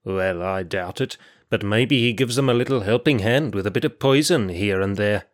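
Brief: male narrator doing a gruff, impatient guard in an audiobook; forceful, curt, low. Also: normal speed, natural voice. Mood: harsh. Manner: snapping, barking orders.

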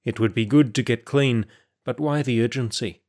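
A man giving steady, measured first-person narration of a story. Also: mid-range voice.

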